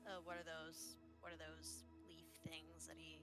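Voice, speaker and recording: A woman's voice: deep voice, completely flat delivery, unhurried, over music. A woman playing in a tabletop game, chatting casually and hesitantly, full of filler words. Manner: rambling, hesitant, heavy use of filler words. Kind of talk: casual chat.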